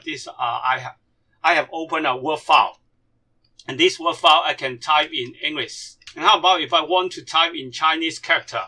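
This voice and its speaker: A man walks through a computer screen tutorial with halting, English. His voice is very bright and sits fairly high. He speaks as a patient language teacher. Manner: halting, non-native grammar.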